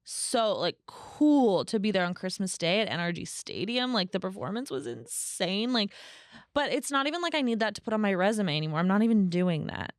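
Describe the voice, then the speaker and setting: Woman, solo podcast host; chatty, animated storyteller, smooth voice, dry close sound. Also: brisk, no room sound. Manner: acts out quoted voices in a higher pitch.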